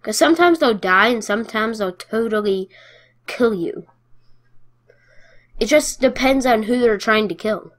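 Excitable woman narrating her gameplay. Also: on the high side, unhurried, long pauses. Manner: playful and excitable, cheering and taunting the other players. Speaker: gameplay commentator. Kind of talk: casual gameplay commentary.

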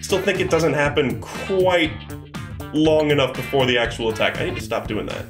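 A man's voice: fairly high pitch, lively intonation, moderate pace. Casual male game streamer, talkative and profane, echoey room with faint music behind. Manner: chatty, thinks aloud, swears casually. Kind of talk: live game-stream commentary.

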